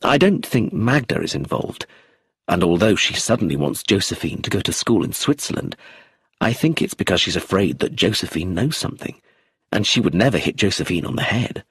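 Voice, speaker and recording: Husky male narrator, lively pitch, dry close recording. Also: fairly quick, dry recording. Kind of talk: audiobook narration.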